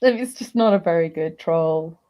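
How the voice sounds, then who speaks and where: A woman's voice: on the low side, unhurried, a crowd in the background. Giggly woman telling a story. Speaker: podcast guest. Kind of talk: casual chat, anecdote.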